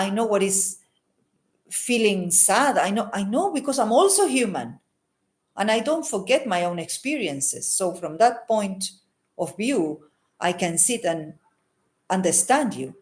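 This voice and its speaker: A woman healer giving an earnest, unscripted talk to camera, repeating phrases for emphasis and adding a questioning "hmm?" after her points. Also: mid-range voice. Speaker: holistic healer and psychic. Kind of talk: unscripted advice monologue to camera.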